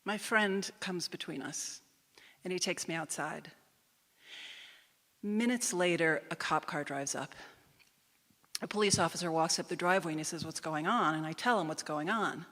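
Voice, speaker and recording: A woman telling a personal story on a live stage, in a measured and emphatic manner. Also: fairly low pitch, a bit bright. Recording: reverberant live hall.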